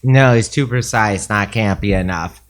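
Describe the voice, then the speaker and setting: A young man co-hosting a podcast in casual chat, dropping dry, deadpan one-liners. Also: fairly low pitch, moderate pace. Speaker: podcast co-host.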